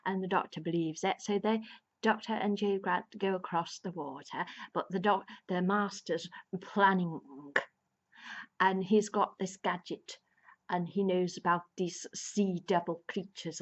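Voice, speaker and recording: A woman's voice: lowish voice, fairly even intonation, a little slow. A woman casually retelling a plot as a video reviewer, rambling with many restarts and fillers and laughing now and then. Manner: amused, laughs between lines. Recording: slightly dull lo-fi sound.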